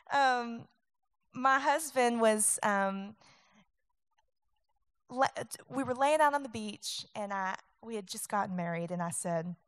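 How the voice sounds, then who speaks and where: A woman's voice: medium pitch, animated, measured pace. A young woman, a singer and talk-show guest, chatting in a bubbly, rambling way with fillers and giggles before she sings. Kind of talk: live performance with chatty song introduction. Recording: live music stage with loud guitar.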